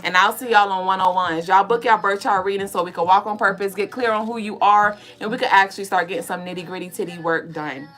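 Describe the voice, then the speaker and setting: A middle-aged woman co-hosting a spiritual podcast gives a profane, no-nonsense pep talk during a tarot reading over faint background music. Her medium-pitched, slightly bright voice moves fast with few pauses and fairly level intonation, and she playfully preaches while imitating listeners in mocking voices.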